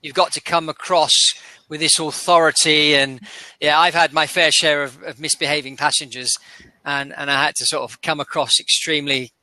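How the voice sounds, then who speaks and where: Very bright-voiced Englishman, chatty. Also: fairly high pitch, fairly even intonation, normal speed, no echo. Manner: chatty, thinking aloud with frequent restarts. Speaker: interview guest, aircraft dealer. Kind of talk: casual chat.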